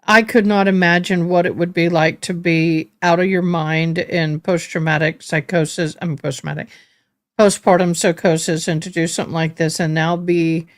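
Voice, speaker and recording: A woman hosting a live stream, giving casual commentary in a halting way and repeating words when she is moved. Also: sits low, darkish tone, no room sound, studio quality.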